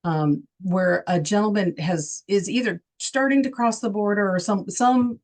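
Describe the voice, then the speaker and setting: A woman's voice: mid-range voice, measured pace, a little mellow. A woman from Texas co-hosting a casual political talk show, speaking emphatically with many rhetorical questions. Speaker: co-host.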